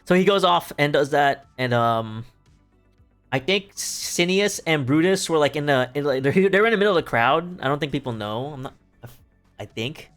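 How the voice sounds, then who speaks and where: A man's voice: a little high, animated, moderate pace, a bit bright. Young male streamer, rambling and profane, casual retelling with faint music behind. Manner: rambling, swearing, laughing asides, many fillers.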